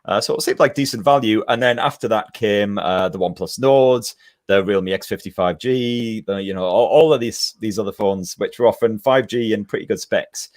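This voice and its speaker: A man's voice: on the low side, normal speed, darkish tone, no room sound, studio quality. A man, a tech reviewer guest, chatting wryly on a podcast with plenty of swearing. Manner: wry, swears freely, drinking beer. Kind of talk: casual podcast chat.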